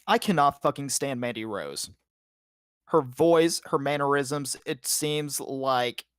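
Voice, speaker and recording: A man's voice: mid-range voice, no room sound, studio quality. A man co-hosting a podcast, giving a casual play-by-play recap full of "like" and "uh" and the odd swear word. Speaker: podcast co-host.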